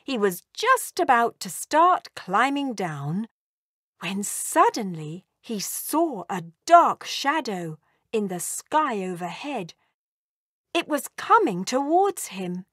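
A woman reading a children's storybook aloud in a gentle, expressive way. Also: a little high, slow, no room sound, studio quality.

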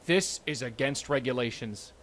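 A man's voice: mid-range voice, moderate pace, fairly bright tone, lightly acted. An actor playing a young, anxious by-the-book male police partner, formerly military, in a game. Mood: worried. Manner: nervous, rule-bound and deferential. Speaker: game character.

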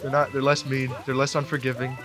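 A young man in his late teens giving rambling let's play commentary into a desk mic, breaking into sudden excited yelps. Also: mid-range voice, fast, over music. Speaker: gamer.

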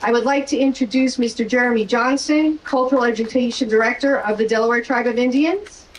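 A woman's voice: fairly high pitch, brisk. A woman, a park service official, reading a formal prepared introduction of a guest speaker. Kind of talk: formal prepared welcome speech. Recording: distant mic with faint background noise.

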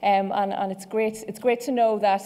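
A woman's voice: medium pitch, steady tone, normal speed, dark tone. An Irish woman hosting a conference, giving a chatty welcome speech with many fillers and restarts in a large hall. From Ireland. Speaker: conference host. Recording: long hall reverb.

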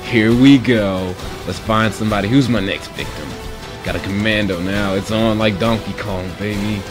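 A man voicing his own cocky, bullying alter ego, taunting in a low growl over gameplay. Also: normal speed, music in the background, close to an everyday voice. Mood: gloating. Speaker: video game commentator.

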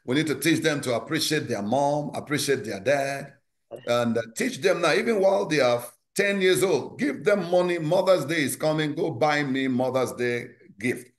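A male pastor with a Nigerian accent preaches with emphasis. His voice sits a little high for a man. He drops into low asides and rises to loud, high exclamations. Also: expressive, moderate pace. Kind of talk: sermon at an online Bible study.

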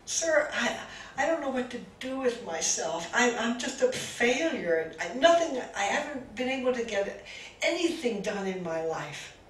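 A woman voicing an older male villager who pleads with halting, broken words. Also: on the high side, sing-song, pitched above the performer's own voice. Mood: despairing. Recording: roomy, distant mic, faint hiss.

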